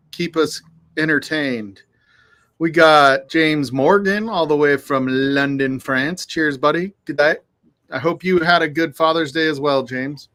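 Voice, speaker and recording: A man with a slightly higher voice hosts a relaxed livestream from outside on a breezy day. He talks in an easygoing, loose way, cursing now and then and calling out to his viewers one by one. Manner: laid-back, swears freely, greets viewers by name. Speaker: livestream host. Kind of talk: casual livestream chat. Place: outdoors on a windy afternoon.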